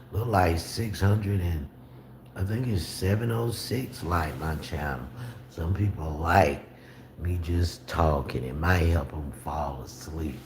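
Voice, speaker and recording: A man with a very low voice talks slowly and casually to his livestream viewers, answering their comments and bristling when he pushes back. His voice rings in an echoey room, with steady background noise underneath. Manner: slow, drawling, gets indignant replying to comments. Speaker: livestream host.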